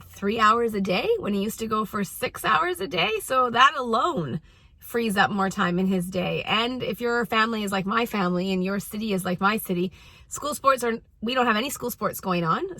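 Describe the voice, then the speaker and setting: A middle-aged woman coaching parents in a relaxed talk to camera. Her voice is bright and forceful, and she stresses and repeats her main points earnestly. The sound is dry and close. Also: medium pitch, no room sound. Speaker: parenting coach and show host. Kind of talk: casual advice talk to camera. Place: at a youth sports practice.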